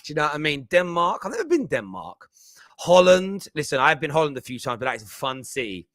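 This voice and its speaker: A man's voice: a little high, very animated, quick pace, sharp tone, no room sound, clean studio sound. Chatty man hosting a football stream. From England. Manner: chatty, banters with viewers. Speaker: football podcast host. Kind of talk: live-stream phone-in chat.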